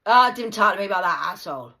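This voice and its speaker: A woman's voice: mid-range voice, lively intonation, fast, vocal fry, sharp tone, pitched above the performer's own voice. A woman voicing a fed-up male support worker who swears about a patient. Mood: irritated. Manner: irritated, swearing.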